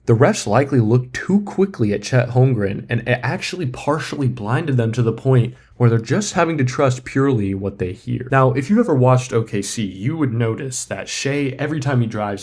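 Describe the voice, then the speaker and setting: A man hosting a casual comedy vlog, spinning a tongue-in-cheek theory in a deadpan, mock-serious way. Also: mid-range voice, breathy edge. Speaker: sports comedy creator.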